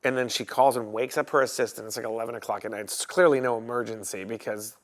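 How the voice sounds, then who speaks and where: A man's voice: mid-range voice, fast. A man from Chicago, a photographer guest, telling anecdotes in a casual interview and acting out the other people in them. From Chicago, USA. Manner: animated storyteller who acts out other people's lines.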